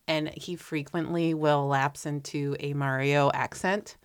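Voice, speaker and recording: A woman's voice: low-pitched, steady tone, unhurried, few pauses, clean tone, dry recording, clean studio sound. A woman co-hosting a casual pop-culture chat, rambling playfully and restarting her sentences.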